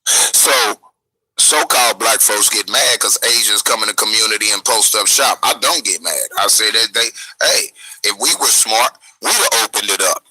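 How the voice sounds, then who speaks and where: A man's voice: lowish voice, expressive, normal speed, sharp tone, breathy edge, poor audio. A man giving a preachy, profane lecturing rant in a played clip.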